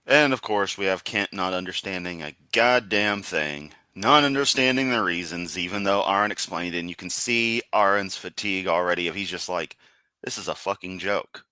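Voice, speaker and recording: A man's voice: sits low, moderate pace, hardly any pauses, sharp tone, clear, resonant tone, no echo. Profane mocking male commentator. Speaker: stream commentator. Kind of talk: reaction commentary.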